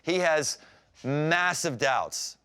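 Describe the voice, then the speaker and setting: A man's voice: on the high side, extremely slow, smooth. A man preaching a sermon as pastor, conversational and emphatic, acting out scripture scenes. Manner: animated, acts out scripture scenes with voices.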